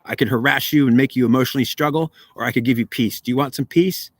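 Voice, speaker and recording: A man's voice: mid-range voice, quick pace, no room sound, lightly acted. A man voicing a domineering male devil who calls himself god of this world and demands to be acknowledged, threatening and insistent. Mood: bargaining.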